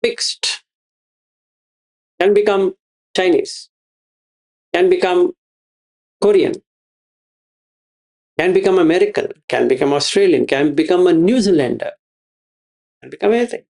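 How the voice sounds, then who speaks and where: A man's voice: sits high, a little slow, creaky, long pauses, a little mellow. A man giving a Buddhist teaching, repeating his phrases and asking rhetorical questions. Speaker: meditation teacher.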